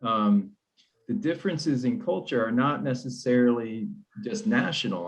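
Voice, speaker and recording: A man's voice: medium pitch, normal speed, darkish tone, lo-fi sound. A man speaking in a panel discussion on a video call, talking casually with hesitations and repeated words.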